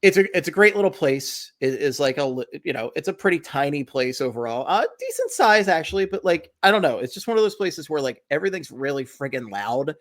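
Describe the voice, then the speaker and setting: Animated, lively man telling a story. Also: on the high side, a little fast, few pauses. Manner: animated storyteller, acts out quotes in loud voices. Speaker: podcast co-host. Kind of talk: casual chat.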